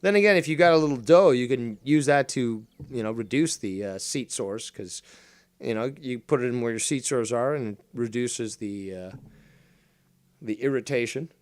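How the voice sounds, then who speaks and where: A man's voice: mid-range voice, moderate pace. A man from Canada hosting a gaming stream, teasing and swearing as he rambles on a computer mic. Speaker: streamer host. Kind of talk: casual gaming stream chat.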